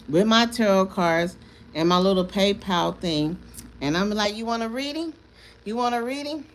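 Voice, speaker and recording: A woman's voice: on the low side, a bit bright, a little hiss or hum. Emphatic woman rambling through a live tarot stream. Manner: rambling, emphatic, repeats words, laughs often. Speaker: tarot reader.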